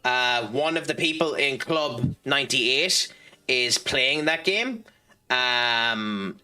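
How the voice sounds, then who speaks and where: Very bright-voiced Irish man streaming. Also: medium pitch, lively intonation, slow, smooth. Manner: rambling, lots of ums and restarts. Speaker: game streamer. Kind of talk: casual gameplay commentary and chat reading.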